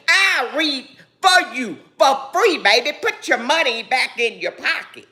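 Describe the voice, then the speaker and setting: A woman talks slowly to her viewers in a bright, lively voice whose pitch rises and falls a lot. She sounds grieving and angry, defiant and preachy, and keeps calling her listeners "baby." This is an emotional monologue delivered straight to camera. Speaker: vlogger.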